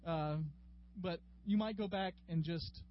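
A man's voice: high-pitched, measured pace. Folksy man teaching a Bible class. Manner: folksy and chatty, addressing class members by name. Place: classroom with a group. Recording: dull lo-fi room recording with faint hum.

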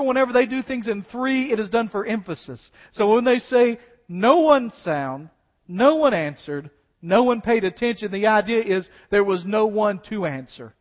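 High-voiced preacher in an echoing hall. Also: male voice. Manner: dramatic, swings from loud declaiming to hushed asides. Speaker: pastor. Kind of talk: sermon. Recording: dull sound with long reverb in a large hall.

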